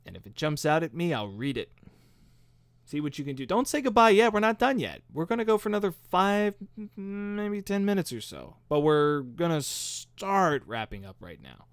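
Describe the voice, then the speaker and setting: A man's voice: fairly high pitch, big pitch swings, normal speed, clear, resonant tone, no room sound, studio quality. A man hosting a live stream, chatting casually and upbeat as he answers viewer comments into a microphone. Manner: chatty, upbeat and self-deprecating. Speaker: host. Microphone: studio microphone.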